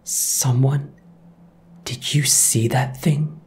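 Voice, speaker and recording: A man voicing a frightened male bus passenger who pleads in a hushed, urgent way in a horror story. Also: medium pitch, steady tone, very slow. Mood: fearful.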